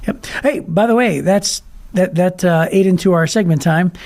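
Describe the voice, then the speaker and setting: High-voiced man co-hosting a podcast. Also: moderate pace, darkish tone. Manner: playful, rambling, teasing. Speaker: podcast co-host. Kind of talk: casual chat.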